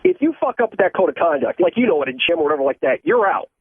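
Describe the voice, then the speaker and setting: A male caller from Ohio on a tinny, dry phone line. His voice is high, husky and lively in pitch as he tells an agitated, profane story. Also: very fast, no room sound.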